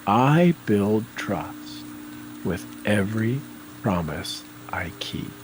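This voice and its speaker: Slow, low-voiced man guiding a tapping session. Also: animated, noisy background. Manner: slow, deliberate, coaching cues. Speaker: tapping coach. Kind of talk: guided tapping session with affirmations.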